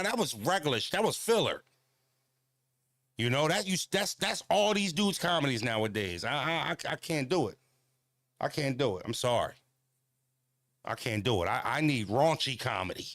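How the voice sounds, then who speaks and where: A man's voice: medium pitch, animated, moderate pace, pauses often, a bit bright, no echo, clean studio sound. Blunt, profane man rambling on a walk. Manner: blunt and profane, rambling with many fillers and repeated phrases; talks back to viewer comments. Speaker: channel host. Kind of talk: casual walking livestream chat.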